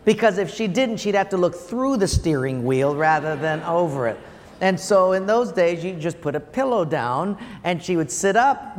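An older pastor with a fairly high voice preaches with lively, laughing storytelling. His words carry a long reverb, as from a large hall. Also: normal speed. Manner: animated storyteller, laughing through anecdotes. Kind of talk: sermon with comic storytelling.

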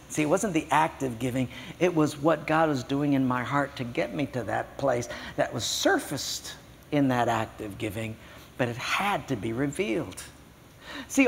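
A man's voice: on the high side, gravelly, in a large hall, slight background noise. An older man preaching a sermon as a pastor, telling stories and acting out voices. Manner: animated storytelling, acts out voices.

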